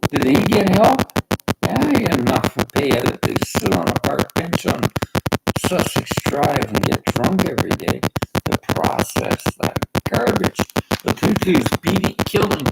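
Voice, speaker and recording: A man's voice: fairly high pitch, big pitch swings, measured pace, gravelly, over loud music, rough recording. An older man from Canada talking in a rambling, emphatic monologue, jumping from story to story. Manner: rambling, emphatic, jumps between stories. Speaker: pensioner ranting to camera.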